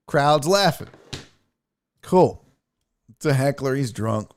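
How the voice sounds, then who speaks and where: A male podcast host telling a profane story in a casual, animated way, swinging from low mutters to loud outbursts. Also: slow pace, long pauses. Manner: animated, swings between muttering and near-shouting.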